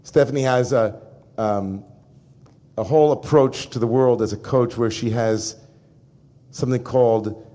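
Brief: male rabbi, lively sermon delivery, mid-pitched voice, talks straight to the room. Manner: animated, addresses the congregation directly. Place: synagogue before a congregation.

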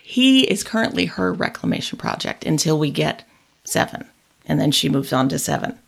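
Blunt woman with a very gravelly, lively voice. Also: deep voice, normal speed. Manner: blunt, opinionated, teasing. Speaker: podcast co-host. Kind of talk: casual chat about a TV episode.

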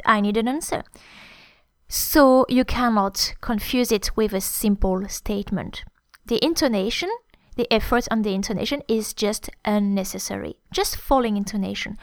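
A woman with a fairly high voice explains intonation in an easygoing, conversational way, stopping for fillers and restarts. Her recording is dry and close, with almost no room sound. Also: dry recording. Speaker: French teacher. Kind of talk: explaining French intonation to learners.

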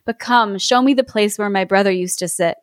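A woman's voice: medium pitch, fairly quick, no echo, studio quality, lightly acted. A woman voicing a scheming old male wizard who weeps in an overwrought, melodramatic way.

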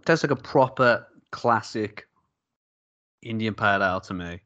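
A man's voice: on the low side, lively intonation, a little slow, a bit bright, no room sound, highs cut off. A man co-hosting a casual beer-tasting podcast, jokey and rambling, laughing often. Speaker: podcast co-host.

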